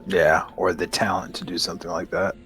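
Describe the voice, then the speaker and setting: A man's voice: sits low, sing-song, fairly quick, creaky, fairly bright tone, faint music behind. A man from North Carolina chatting casually during a game stream, easygoing. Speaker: gaming companion. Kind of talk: casual chat while gaming.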